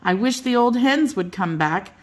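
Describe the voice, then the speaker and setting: An older woman voicing a sweet, curious rag doll girl, asking gentle, wondering questions. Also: on the high side, expressive, normal speed, voice pushed up. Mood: worried.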